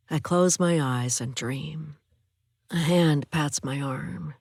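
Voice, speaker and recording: A woman narrating an audiobook thriller in the first person, measured and even. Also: low-pitched, no room sound, studio quality.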